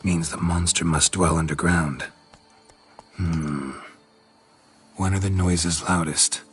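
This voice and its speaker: An actor voicing a terse, deadpan monster hunter in a video game, with faint music behind. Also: male voice, low-pitched, slow pace, breathy edge, full character voice. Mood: businesslike. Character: gruff terse monster hunter, dry wit. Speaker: witcher, hired monster hunter.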